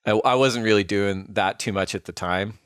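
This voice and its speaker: Man, low voice, dry close sound, casual podcast storyteller who rambles with lots of "like". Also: normal speed, fairly bright tone, smooth, no room sound. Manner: rambling, filler-heavy, frequent "like". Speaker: podcast co-host.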